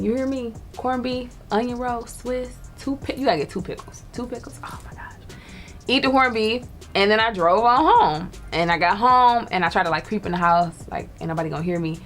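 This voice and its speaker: A young woman from Detroit, appearing as a guest storyteller, recounts a story in casual chat. Her voice is on the high side and a bit bright, and she laughs while acting out the voices of the people she quotes.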